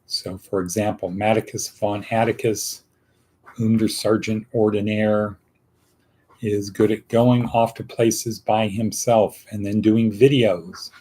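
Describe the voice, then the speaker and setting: Male host, husky and lowish, slow rambling motivational talk. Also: dark tone.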